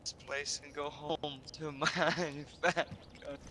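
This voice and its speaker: A man's voice: on the high side, level tone, slow, sharp tone. A man playing a captive in a game roleplay, who keeps breaking into laughter.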